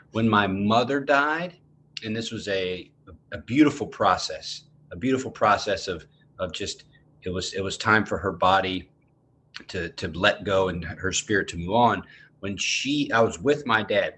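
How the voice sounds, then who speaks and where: Bright-toned man, halting and heartfelt. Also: on the low side, slight background noise. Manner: halting, restarts often, soft and heartfelt. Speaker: mindfulness teacher. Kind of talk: reflective teaching talk.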